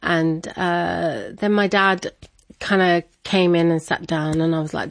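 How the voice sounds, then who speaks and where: A woman with a lowish voice tells a personal story to an interviewer, animated and quick to laugh. She brings her family to life by acting out their voices. The sound is close and dry. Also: creaky, no room sound.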